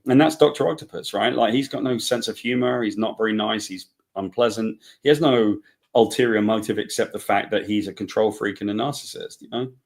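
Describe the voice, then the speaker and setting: A man with a lowish voice talks through a relaxed interview. He rambles, circles back and restarts his sentences. Now and then he acts out bits of dialogue as he tells a story. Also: a little fast, creaky. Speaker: comic book writer guest. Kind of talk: casual interview talk.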